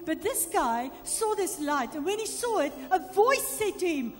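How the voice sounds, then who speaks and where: A woman's voice: very high-pitched, sing-song, moderate pace, in a large hall, faint music behind. A woman preaching a sermon, reading scripture aloud and calling on the congregation to answer back. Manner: reads scripture aloud and coaxes audience responses.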